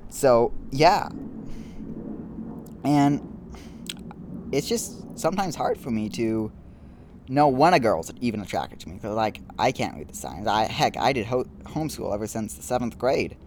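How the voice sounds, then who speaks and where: A young man hosting a casual solo podcast outdoors, rambling and self-deprecating, with frequent halting restarts. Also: medium pitch, lively intonation, a little mellow, slight background noise. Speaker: podcast host.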